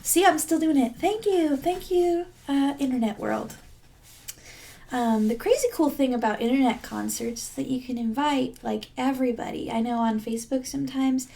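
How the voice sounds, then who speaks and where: A woman's voice: fairly high pitch, vocal fry, mellow. A woman singer-songwriter talking casually between songs at a home-streamed virtual concert, chatty and joking, trailing off with ums.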